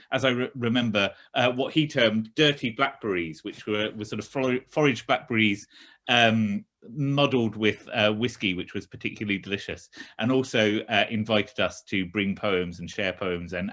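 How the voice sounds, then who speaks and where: Low-voiced hesitant male host. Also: fairly bright tone. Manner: halting, many fillers and repeated words. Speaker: event host. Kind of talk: hesitant casual introduction. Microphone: video call.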